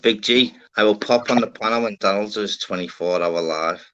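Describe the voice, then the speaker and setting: A man's voice: lowish voice, moderate pace, fairly bright tone, dry recording, highs cut off. A man hosting a casual live-stream chat. He rambles, swears freely and keeps calling people "lad". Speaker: host of a live stream panel.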